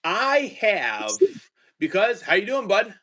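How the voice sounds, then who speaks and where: Chatty man with a higher voice. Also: huge pitch swings, takes it slowly, sharp tone. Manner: chatty, easygoing, rambling. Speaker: teacher and card-collecting stream host. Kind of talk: casual livestream chat.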